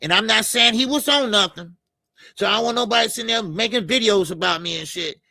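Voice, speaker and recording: Gravelly, high-voiced man hosting a boxing stream. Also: brisk, bright, forceful tone, no echo. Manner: loose and profane, lots of filler stammers. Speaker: boxing show host. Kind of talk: casual live-stream chat reading comments.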